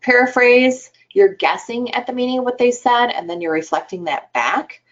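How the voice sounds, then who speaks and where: A woman's voice: a little high, moderate pace. A woman presenting a webinar for adolescent health providers, explaining in a conversational way with some fillers. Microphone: computer mic on a webinar call. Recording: dull lo-fi webinar audio.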